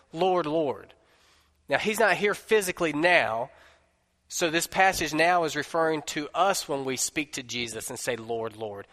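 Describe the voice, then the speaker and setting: A male pastor preaches an emphatic sermon, leaning on repetition to drive his points home. His voice sits somewhat high for a man, and it rings with the long reverb of a large church sanctuary. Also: bright, forceful tone.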